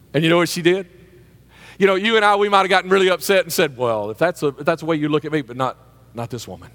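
A man preaching a sermon as pastor, emphatic, with a rising delivery that at times pushes toward a shout. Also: sits high, long reverb tail.

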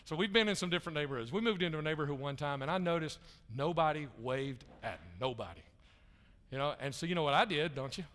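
A man preaching a folksy, animated sermon as pastor, repeating himself and building to loud peaks. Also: fairly high pitch, quick pace. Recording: echoey church hall.

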